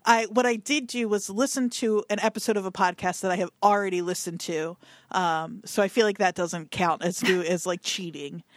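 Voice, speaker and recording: A woman's voice: mid-range voice, fairly even intonation, normal speed, no echo, studio quality. A woman co-hosting a movie podcast in casual chat, rambling with many fillers and asides. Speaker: podcast co-host.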